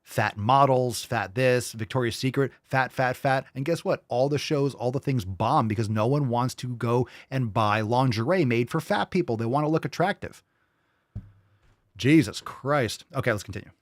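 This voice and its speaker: A male podcast host talks through clips on a livestream in a blunt, profane and mocking way. His voice sits at an ordinary pitch for a man. The sound is dry and close, with no room echo. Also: moderate pace. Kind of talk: livestream reaction commentary.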